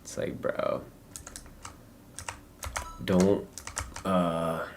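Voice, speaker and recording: A young American man streaming a game, talking in a loose, halting, rambling way full of fillers and restarts. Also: a bass voice, fairly even intonation, a little hiss or hum. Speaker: livestreamer. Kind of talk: casual rambling gameplay chat.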